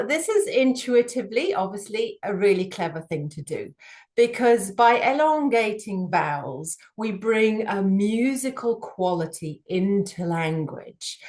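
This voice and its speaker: A woman with a singing background giving a measured, thoughtful explanation, pausing with frequent fillers. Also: mid-range voice, roomy sound. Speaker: singing professional analyzing voices. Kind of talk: explanatory talk to camera.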